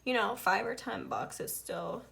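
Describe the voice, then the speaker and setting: A woman's voice: medium pitch, measured pace, gravelly, fairly bright tone, slight background noise. A woman with a Southern US accent talking through her budget in a casual vlog, counting bills aloud and sometimes murmuring the tallies under her breath. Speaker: budgeting vlogger.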